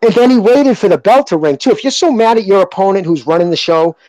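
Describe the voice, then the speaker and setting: A man's voice: high-pitched, lively intonation, fast talker, mellow, no echo, rough recording. A man co-hosting a boxing podcast, arguing his point emphatically in casual chat, with frequent swearing. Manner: emphatic, argumentative, profane. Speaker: podcast co-host.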